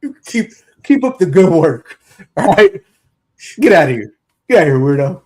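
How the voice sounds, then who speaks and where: A man's voice: a little high, big pitch swings, moderate pace, darkish tone. A man on a football podcast putting on a bossy, taunting voice to call out a player. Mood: mocking. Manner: taunting, hollering address. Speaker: co-host.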